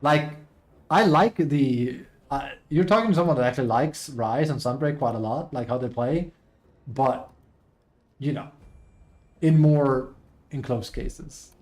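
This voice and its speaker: A man streaming live, chatting casually and reading posts aloud, excitable, laughing often and swearing casually. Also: medium pitch, unhurried, long pauses.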